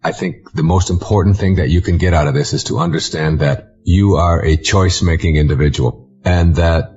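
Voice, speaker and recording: A middle-aged man explains an idea earnestly and deliberately, pausing on small fillers. His voice sits very low. The recording is dull and lo-fi. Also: fairly even intonation, a little mellow, slight background noise. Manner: measured, earnest, with frequent uh fillers. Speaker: motivational speaker. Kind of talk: explanatory talk.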